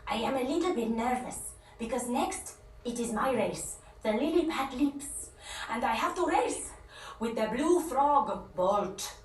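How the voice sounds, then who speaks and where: A woman voicing a friendly young male frog who gets a bit nervous, speaking softly and hushed in a children's storybook. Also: a little high, animated, measured pace, faint music behind. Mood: whispering nervously. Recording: echoey room, distant mic, background noise.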